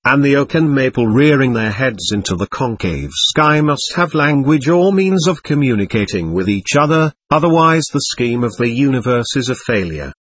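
Husky man reading a book aloud. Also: medium pitch, fairly bright tone, no echo. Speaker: audiobook narrator. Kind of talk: scripted narration.

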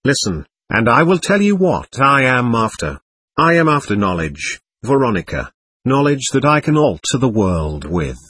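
A man's voice: medium pitch, very animated, moderate pace, a bit bright, breathy edge. A man reading an aloof, domineering schemer. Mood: persuasive. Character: domineering, aloof man chasing occult power. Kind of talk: audiobook reading.

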